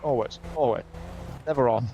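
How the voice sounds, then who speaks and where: A man's voice: medium pitch, normal speed, warm tone, dull audio, slight background noise. A man with a British accent playing a news reporter in a role-play interview, teasing his guests dryly.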